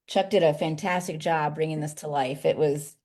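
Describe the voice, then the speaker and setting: A woman's voice: low-pitched, moderate pace. Chatty woman poet on a video call. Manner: lively, chatty, laughs easily. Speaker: children's poet and author. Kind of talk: casual interview chat.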